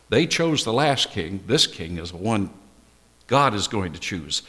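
A male pastor delivers a sermon at an unhurried, measured pace, his pitch rising and falling expressively. His voice rings out with the long reverb of a large church hall. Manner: slow, deliberate preaching with animated pitch.

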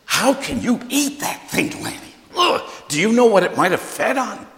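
A man's voice: sits high, sing-song, normal speed, a bit bright, echoey room, long reverb tail, voice pushed up. A man voicing his disgusted, fussy older mother in a sermon, scolding in a horrified tone.

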